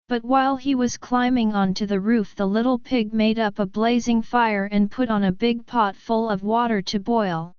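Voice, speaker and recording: A woman narrating a children's story with deliberate, expressive storytelling. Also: fairly high pitch, clean tone, no echo. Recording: dull lo-fi recording.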